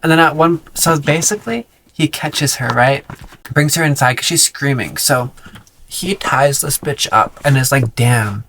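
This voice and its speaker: A man's voice: on the high side, unhurried, creaky, bright, forceful tone, slight background noise. A man giving a sarcastic, profane book recap in a casual vlog. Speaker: book vlogger.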